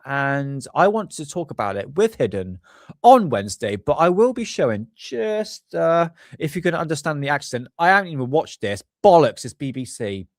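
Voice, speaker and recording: A man's voice: on the high side, sing-song, normal speed, no echo, clean studio sound. A man hosting a UFO live stream, rambling casually and swearing while he hunts for videos. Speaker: UFO channel host.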